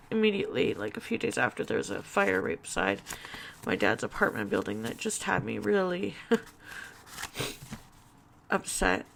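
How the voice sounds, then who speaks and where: A woman speaking haltingly about grief in a personal vlog, with many fillers and restarts, close to tears. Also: mid-range voice, vocal fry, fairly bright tone, slight background noise. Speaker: vlogger.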